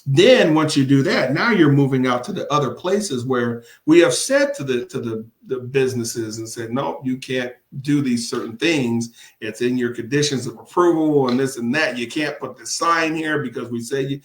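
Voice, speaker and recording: With hardly any pauses, a man with a mid-range voice talks at a normal speed in a casual interview about his run for city council. The commissioner is emphatic, repeats words for stress, and laughs often, and the room has an echo.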